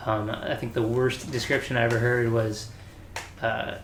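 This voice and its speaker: A man's voice: medium pitch, normal speed. Young man, casual crude storyteller, echoey room. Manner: animated, crude, laughing storyteller. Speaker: podcast guest. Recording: echoey room, faint background noise.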